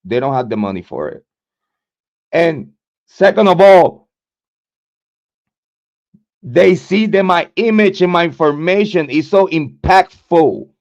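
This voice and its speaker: A true crime livestream host delivers a profane, confrontational rant, stammering, restarting and repeating words often. His voice is on the high side with lively intonation, and he takes it slowly with long pauses. The sound is dull and lo-fi.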